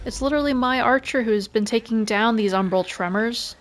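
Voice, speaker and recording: A woman hosting a let's play, quietly talking through her moves with frustrated asides. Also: medium pitch, unhurried, a little hiss or hum. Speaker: gaming video host.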